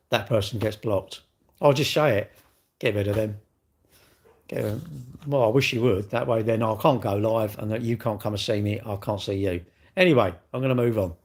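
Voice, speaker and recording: A man hosting a casual livestream, talking in an exasperated, rambling way and repeatedly calling the viewer "mate". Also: mid-range voice. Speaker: livestream host.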